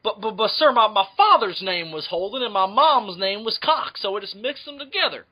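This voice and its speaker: A man's voice: high voice, animated, moderate pace, sharp tone, husky, exaggerated voice, rough recording. A man putting on a hammy Southern US accent to play a pompous male doctor. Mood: flustered. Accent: put-on Southern US.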